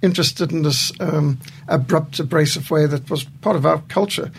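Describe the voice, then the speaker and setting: A man's voice: a little high, normal speed, creaky, slight background noise. A man in his sixties, a studio guest, telling stories in a reflective conversation and chuckling through his anecdotes.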